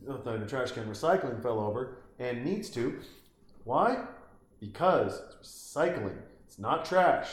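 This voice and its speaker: A man's voice: mid-range voice, reverberant. A man giving a comedic, profane commentary while watching a movie, ranting, mocking the characters and acting out little voices. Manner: swearing, animated, mocking, acts out voices.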